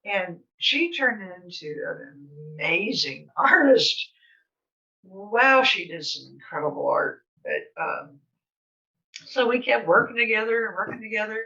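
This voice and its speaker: An older woman speaks as a guest, her voice bright and crisp-edged. She talks in a chatty, rambling manner, with lots of fillers. The recording is a little distant and dull, as if she sits back from the mic. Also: medium pitch, lively intonation, unhurried. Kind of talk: casual storytelling. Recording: slightly distant, dull sound.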